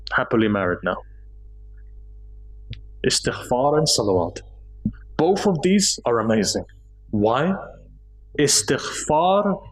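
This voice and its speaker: A man delivers a mosque sermon in a mid-pitched voice. He tells devotional stories with feeling and lifts his voice as the story turns sad. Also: rough recording. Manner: emotive storytelling, rising pitch in emotional passages. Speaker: speaker at a mosque gathering. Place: mosque hall.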